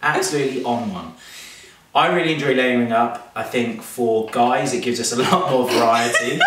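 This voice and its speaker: A man's voice: medium pitch, moderate pace, heavy reverb, recorded from a distance, background noise. A man hosting a casual chat to camera at home, joking and laughing often. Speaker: vlog host. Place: home room.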